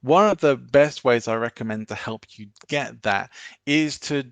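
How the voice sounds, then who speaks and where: A man giving an online business presentation, coaching the audience in a measured, instructive way. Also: medium pitch, clean tone, dry recording.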